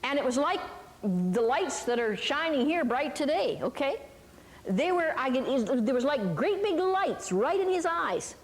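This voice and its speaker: A high-pitched older woman preaching to a live audience, recorded in a reverberant hall. She tells her stories in a chatty, folksy way and keeps checking in with her listeners. She often asks them little questions along the way. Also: big pitch swings, a little slow. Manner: chatty, folksy, with lots of asides and tag questions. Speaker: teacher of a Christian ministry. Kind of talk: sermon with storytelling.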